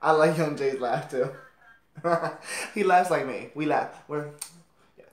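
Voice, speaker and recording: A man hosting a reaction video, gushing and laughing often while keeping his voice low. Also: takes it slowly, echoey room. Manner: giggly, gushing, frequent laughter; kept low to stay quiet. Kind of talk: casual reaction commentary.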